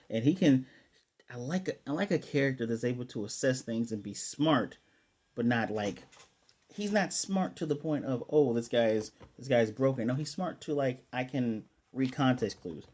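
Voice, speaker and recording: A man's voice: mid-range voice, warm tone. A man casually recapping and reviewing an anime episode, rambling and acting out the characters' lines as he goes.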